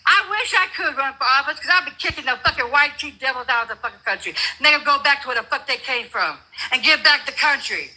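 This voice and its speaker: A woman's voice: sits high, animated, quick pace, few pauses, bright, forceful tone, poor audio. An older woman arguing as a guest in a heated livestream debate, blunt, confrontational and full of profanity.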